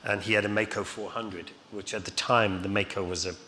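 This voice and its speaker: Male guest, middle-aged, chuckles through his stories, crisp tone, faint noise in the room. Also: lowish voice, fairly even intonation, a little fast, pushed and bright. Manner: rambling, chuckling, many fillers. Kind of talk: anecdotal storytelling on stage. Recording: reverberant hall, faint noise.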